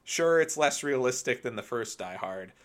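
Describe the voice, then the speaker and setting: A man's voice: medium pitch, expressive, normal speed. A man co-hosting a podcast, chatting casually and enthusiastically about films with many fillers. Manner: rambling, filler-heavy, enthusiastic. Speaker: podcast co-host. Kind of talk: casual film chat.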